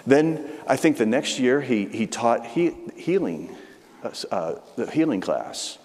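A man preaching a storytelling testimony, with frequent restarts and animated emphasis. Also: lowish voice. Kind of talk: testimony sermon. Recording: long hall reverb.

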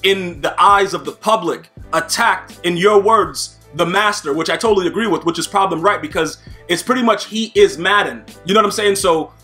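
A man hosting a casual interview, asking halting questions with many restarts. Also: high voice, sharp tone, faint music behind. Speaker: host.

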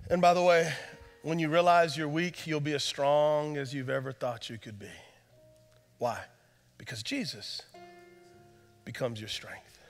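A man pastor preaching a sermon, swinging from hushed, intimate passages to loud, shouted climaxes. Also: a little high, steady tone, a little slow, long pauses, soft background music. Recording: church hall reverb.

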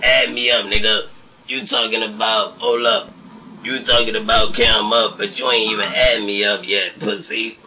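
Man, low voice, aggressive mocking trash talk, off-mic, bowling alley crowd. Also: steady tone, background noise. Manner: aggressive, mocking, rapid-fire insults. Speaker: vlogger trash-talking on camera. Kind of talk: heated insult banter. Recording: distant mic, loud crowd around.

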